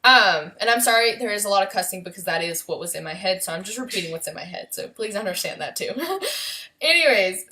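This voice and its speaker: A young woman telling a painful personal story in a vlog, halting and emotional, with many pauses and fillers. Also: mid-range voice, sharp tone. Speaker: vlogger.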